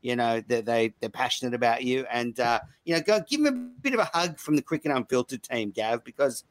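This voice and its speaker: Male podcast host, relaxed filler-heavy chat, mid-range voice. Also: medium pitch, fairly quick, dry recording. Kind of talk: casual cricket podcast chat.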